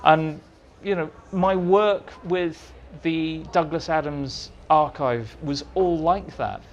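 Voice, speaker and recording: A man telling lively anecdotes as an interview guest, acting out the dialogue in his stories, in a meeting room with an audience. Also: a little high, takes it slowly, lo-fi sound, slight background noise. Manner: animated storyteller, acts out dialogue. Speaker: interviewee, writer.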